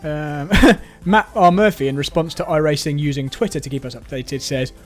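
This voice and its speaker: A streamer reads out viewer comments in a fairly high voice, pausing for dry, wry remarks. Faint music runs underneath. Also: male voice, fairly even intonation. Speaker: live-stream host. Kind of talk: live-stream chat reading.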